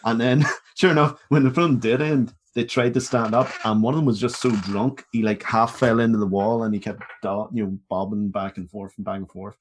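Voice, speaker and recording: A man's voice: fairly low pitch, steady tone, fairly quick, hardly any pauses, slight background noise. A man with a Northern Irish accent, co-hosting a film podcast and telling stories bluntly, with some swearing. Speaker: podcast co-host. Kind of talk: casual chat.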